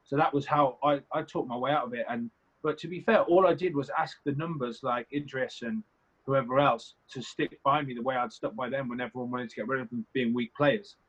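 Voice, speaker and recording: A young man appears as a guest on an interview, a reality competition contestant who talks casually, rambling and candid, with some swearing. His husky voice sits at medium pitch, a bit bright and a little fast. The audio is slightly muffled and lo-fi.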